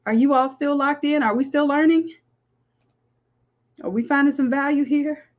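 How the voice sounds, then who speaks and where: A woman's voice: high voice, fairly even intonation, moderate pace. A woman, walking viewers through a live design tutorial in a chatty way. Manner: chatty, says "y'all", talks viewers through steps. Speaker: design instructor. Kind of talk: live screen-share tutorial.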